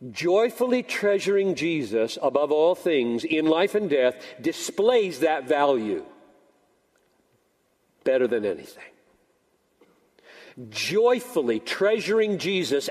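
A man's voice: a little high, darkish tone, breathy edge, long reverb tail. An older man preaching a sermon as pastor, telling a story animatedly and acting out both sides of the dialogue. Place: church sanctuary.

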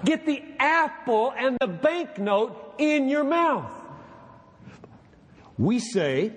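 Male preacher, lively high voice, unhurried emphatic sermon delivery, long hall reverb. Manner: animated, emphatic, drops low and slow when reading quotations aloud.

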